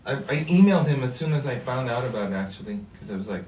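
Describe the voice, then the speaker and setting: A man's voice: medium pitch, lively intonation, quick pace, darkish tone. Chatty man telling stories, echoey. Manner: chatty storyteller, restarts and fillers. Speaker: guest, record label runner. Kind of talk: casual chat. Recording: roomy, distant mic, noisy.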